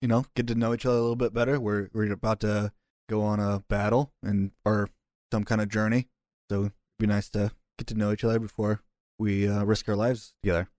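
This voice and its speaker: A man's voice: on the low side, flat delivery, brisk, a little mellow, no echo, lightly acted. A man voicing a small, timid adventurer who speaks in a friendly, hesitant way. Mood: nervous. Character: small, timid first-time rider adventurer.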